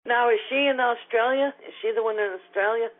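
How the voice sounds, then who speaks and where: A woman's voice: on the high side, steady tone, brisk. A woman giving an intuitive reading on a webcast, speaking in a hesitant, searching way. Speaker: intuitive reader. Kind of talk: casual psychic reading. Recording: tinny phone-like line.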